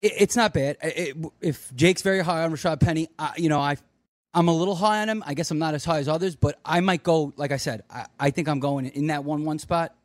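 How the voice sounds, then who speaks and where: A man co-hosting a fantasy football show, relaxed and a little hesitant. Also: fairly high pitch, fairly quick, dry recording. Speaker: radio show co-host.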